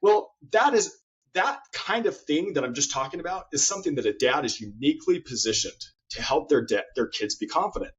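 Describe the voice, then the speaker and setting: A man with a husky, slightly breathy voice talks earnestly as a guest in an interview. He builds his points through stories, often doubling up on words as he speaks. The audio is muffled and lo-fi, with its top end dulled. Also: on the high side, lively intonation, fairly quick, fairly bright tone. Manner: earnest storyteller, repeats words. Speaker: guest author. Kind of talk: interview conversation.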